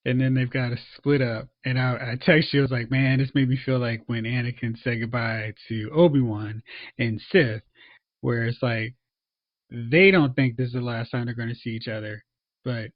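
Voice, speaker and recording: A man co-hosting a podcast, casually reviewing a show and acting out characters in quick asides. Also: medium pitch, steady tone, no room sound. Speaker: podcast co-host. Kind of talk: casual movie review chat. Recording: dull, dry lo-fi sound.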